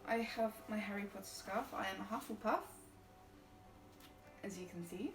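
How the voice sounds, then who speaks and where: A woman streamer reading a storybook aloud in a relaxed way, with chatty, easygoing asides. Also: medium pitch, moderate pace, pauses often. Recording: roomy distant mic with faint music.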